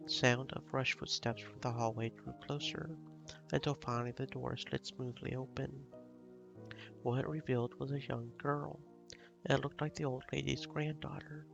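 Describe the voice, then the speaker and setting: A man reading a visual novel aloud as a live stream, in measured, steady storytelling. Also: medium pitch, gravelly, lo-fi sound, faint music behind.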